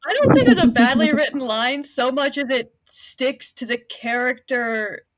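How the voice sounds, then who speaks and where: A woman's voice: high voice, expressive, a little slow, no echo. A woman co-hosting a casual TV recap chat, wry and sarcastic in her jokes. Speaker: podcast co-host.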